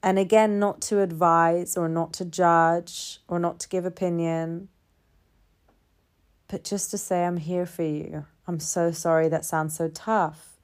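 A woman with a notably deep, low voice talks through a personal reflection. Her delivery is calm and measured, and she stacks her points in repeated phrases.

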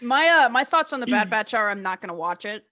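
A woman's voice: fairly high pitch, expressive, brisk, bright, forceful tone. A woman co-hosting a podcast, giving blunt opinions in casual chat with giggles. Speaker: podcast co-host.

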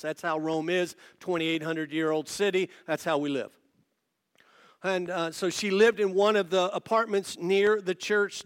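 High-voiced male pastor preaching. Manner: animated storytelling with quick asides to the audience. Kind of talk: sermon. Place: church service before a congregation.

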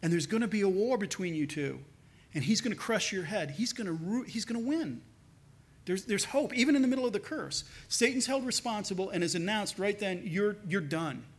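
A man with a notably high-pitched voice delivers a sermon in a relaxed, conversational manner. He slips into lower tones when he acts out the people he quotes. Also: fairly quick. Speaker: pastor.

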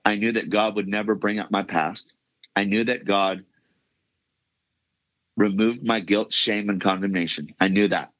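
A man's voice: lowish voice, fairly bright tone, dry recording. Man, middle-aged, emphatic testimony, repeats himself, dry close sound, muffled. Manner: earnest, emphatic, repeats phrases. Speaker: podcast guest. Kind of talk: testimony storytelling.

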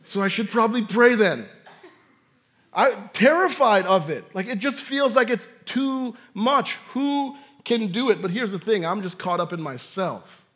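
Male pastor, sermon, fairly high voice, chatty delivery, jokes at his own expense. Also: animated, a little slow, few pauses, fairly bright tone. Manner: conversational, self-deprecating humor.

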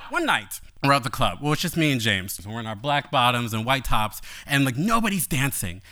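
A man telling a personal story on stage, animated and playful, later quiet and reflective. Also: medium pitch, brisk, slight background noise.

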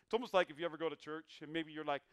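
A male pastor preaching a sermon, emphatic, repeating his lines and breaking into sudden loud bursts. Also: on the high side, steady tone, very fast, clean tone, no room sound.

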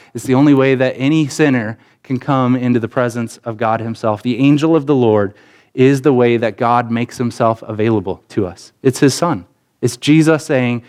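A man in the pulpit delivering a sermon in a smooth, resonant voice of ordinary pitch. He speaks earnestly and conversationally. He builds emphasis through repetition and slips into quoted voices as he makes his points. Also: moderate pace, darkish tone. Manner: earnest, conversational preaching with repeated phrases. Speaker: pastor.

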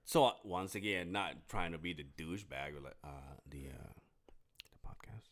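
A man's voice: deep voice, moderate pace, fairly bright tone. A young man co-hosting a podcast, chatting casually in long rambling stories, swearing often and acting out his friends' lines. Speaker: podcast co-host. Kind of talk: casual chat.

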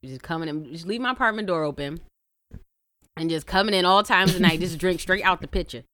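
A woman in her thirties co-hosting a casual chat podcast, telling animated stories, laughing often and acting out what people said. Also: fairly low pitch, a little fast, no room sound. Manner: animated storyteller who laughs often and acts out quotes. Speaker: podcast co-host.

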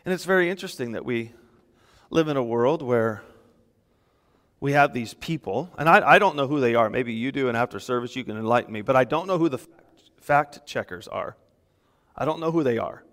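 A man preaching a sermon as pastor, emphatic and animated, with small laughs between points. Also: mid-range voice, fairly quick, big-room sound.

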